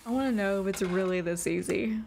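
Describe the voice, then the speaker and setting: Woman gamer, lots of vocal fry, sarcastic and swears, jokes around while playing. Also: medium pitch, fairly quick, darkish tone, slight background noise. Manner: sarcastic, profane, joking. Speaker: gaming video host. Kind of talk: casual gameplay commentary.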